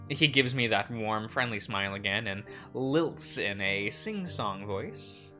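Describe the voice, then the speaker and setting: A man's voice: fairly low pitch, animated, measured pace, sharp tone, soft background music. A man hosting a game playthrough, reading the narration aloud and joking with a co-player. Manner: laughs often, joking. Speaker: let's play host. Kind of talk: reading a visual novel aloud with chat.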